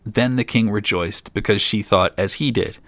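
A man's voice: fairly low pitch, normal speed, a bit bright, no room sound. A man reading an old fairy tale aloud, with dry asides of his own. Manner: reads plainly, drops in dry asides. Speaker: storyteller.

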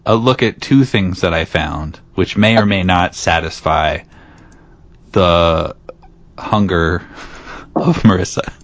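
A man's voice: sits low, takes it slowly, pauses often, dry recording. A man co-hosting a podcast in casual, wry chat. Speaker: podcast co-host. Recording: dry, slightly dull audio.

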